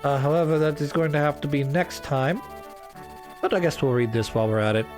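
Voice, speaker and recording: Chill guy talking thru a strategy game, lots of ums, slightly high voice. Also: fairly quick, faint music behind. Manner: relaxed, with many fillers. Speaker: gameplay commentator. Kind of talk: casual gameplay commentary.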